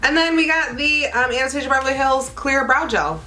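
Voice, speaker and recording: A young woman chatting excitedly as she unboxes beauty products for her channel, gushing and exclaiming with lots of fillers. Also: high-pitched, fairly quick, background noise. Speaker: beauty vlogger.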